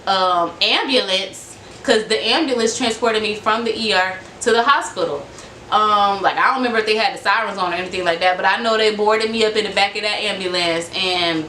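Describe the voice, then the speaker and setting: A woman's voice: medium pitch, pushed and bright. A woman in her twenties telling a casual storytime vlog, rambling with many fillers and acting out quoted exchanges. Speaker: vlogger. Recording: echoey room with faint background noise.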